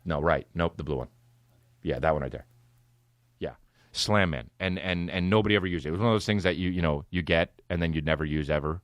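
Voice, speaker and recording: A man's voice: deep voice, quick pace, no room sound. A man in his thirties hosting a podcast, telling a rambling, profane, laid-back comedic story. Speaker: podcast host.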